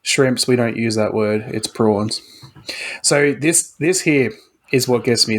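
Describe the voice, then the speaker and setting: An Australian man co-hosting a podcast, explaining slang in a relaxed, chatty way. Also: mid-range voice, slow. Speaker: podcast co-host. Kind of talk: casual chat.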